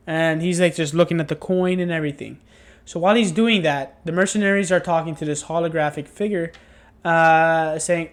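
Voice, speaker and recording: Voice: medium pitch, moderate pace. A worn-out reviewer rambling through a casual spoken review late at night. The talk keeps restarting and breaking into exasperated asides. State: tired and yawning. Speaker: show reviewer.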